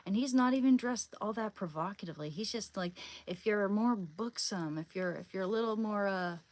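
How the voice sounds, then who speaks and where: A woman's voice: mid-range voice, normal speed, darkish tone, poor audio. Rambling woman chatting on a live stream. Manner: rambling, hesitant, searching for words. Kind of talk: casual live-stream chat.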